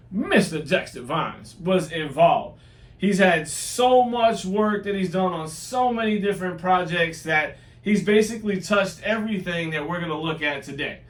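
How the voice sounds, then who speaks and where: A man's voice: sits high, a bit bright, distant mic. A man hosting a casual toy unboxing, joking and teasing his guest, laughing often. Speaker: toy reviewer host. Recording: roomy, from off-mic.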